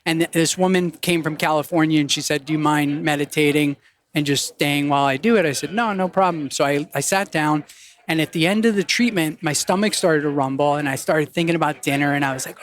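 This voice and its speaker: Male guest, higher-pitched voice, animated storyteller who plays out the people he quotes. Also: fairly quick. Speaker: podcast guest. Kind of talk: casual storytelling in conversation.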